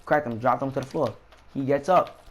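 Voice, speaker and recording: A man's voice: mid-range voice, normal speed. Slangy young man telling a story. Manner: slangy, animated retelling with profanity. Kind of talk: casual storytime.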